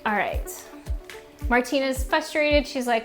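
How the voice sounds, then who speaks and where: A woman in a middle pitch talks through a children's book like a teacher, loose and chatty, peppering her speech with "um" and "like". Faint music plays softly underneath her. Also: a little slow. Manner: chatty, many fillers like "um" and "like". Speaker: reading teacher. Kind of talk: casual explanation of a picture book.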